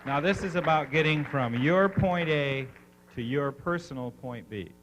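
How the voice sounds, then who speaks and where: A man leading a live seminar, an animated storyteller who coaxes the audience with questions. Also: on the high side, a little slow, a little hiss or hum, poor audio. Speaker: seminar speaker.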